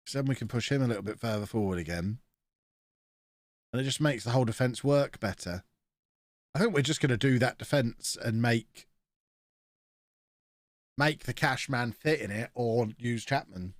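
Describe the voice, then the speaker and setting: A man's voice: mid-range voice, moderate pace, long pauses, dry recording, studio quality. A man with a blocked nose, chatting and joking through a live-streamed game commentary as he reacts to his chat.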